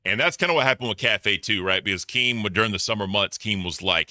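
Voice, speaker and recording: A man's voice: lowish voice, a little fast, few pauses, pushed and bright, no echo, clean studio sound. A man doing casual reaction commentary, blunt and profane, reading donor messages aloud. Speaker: commentary streamer.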